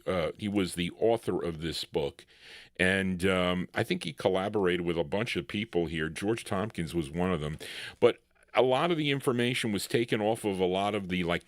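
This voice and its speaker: A man's voice: low voice, no room sound, clean studio sound. A man hosting a live oldies record show, talking casually between songs, rambling and correcting himself as he goes. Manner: rambling, self-correcting, chatty. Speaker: radio show host spinning records.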